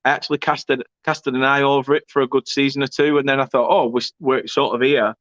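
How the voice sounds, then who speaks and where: Young bloke chatting football on a stream, cheeky n sweary, kinda dull dry mic sound. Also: male voice, mid-range voice, flat delivery, fairly quick, a bit bright, no room sound. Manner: chatty, banter-filled, swearing, laughing asides. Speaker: fan channel host. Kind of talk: casual live-stream chat reading comments.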